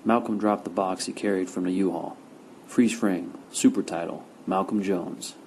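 A man narrating a first-person crime novel with steady, gritty storytelling. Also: sits low, moderate pace, noisy background. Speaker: audiobook narrator.

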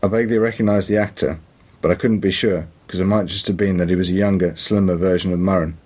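A man's voice: deep voice, fairly even intonation, quick pace, a little mellow, slightly rough. A man with a British accent reading a crime audiobook in a dry, matter-of-fact way. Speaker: narrator. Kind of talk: audiobook narration.

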